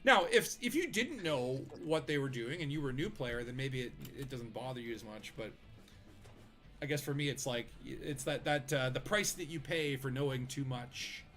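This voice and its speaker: A man's voice: mid-range voice, normal speed, fairly bright tone, faint music behind. A man hosting a casual gaming stream, rambling along with lots of fillers while narrating his own gameplay. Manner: rambling, filler-heavy, chatty. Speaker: streamer host.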